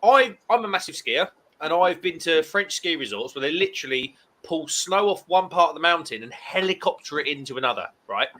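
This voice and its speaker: A man's voice: fairly high pitch, expressive, brisk, hardly any pauses, bright, forceful tone. A man in his thirties co-hosting a casual late-night live stream chat, reading viewer comments and ranting animatedly.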